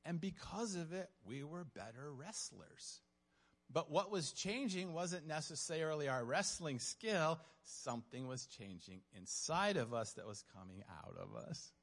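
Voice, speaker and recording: A man giving an earnest, self-mocking testimony in a storytelling sermon style. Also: fairly high pitch. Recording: long reverb of a large hall.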